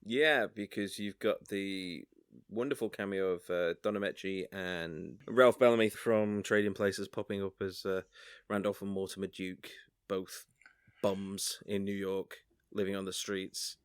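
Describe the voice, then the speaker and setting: Smooth-voiced man in dry podcast banter. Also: low-pitched, fairly even intonation, a little slow. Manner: short agreements and dry quips. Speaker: podcast co-host. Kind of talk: casual chat.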